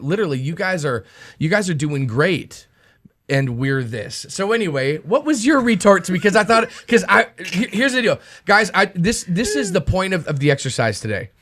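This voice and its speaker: A man in casual podcast discussion about a sermon, animated and jokey, restarting his sentences often. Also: high-pitched.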